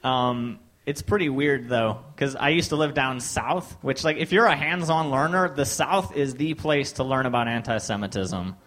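A man's voice: medium pitch, normal speed, hardly any pauses, a bit bright, slight background noise. A young man performing a stand-up set on a comedy club stage, telling stories and quoting people in raised voices. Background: audience laughter.

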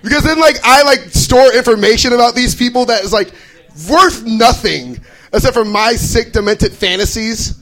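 A young man from Idaho works through a stand-up comedy set with a fairly high voice. He keeps bouncing into exaggerated character voices for the people in his stories, then drops back into his own plain delivery. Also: moderate pace, sharp tone, low-quality recording. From Boise, Idaho.

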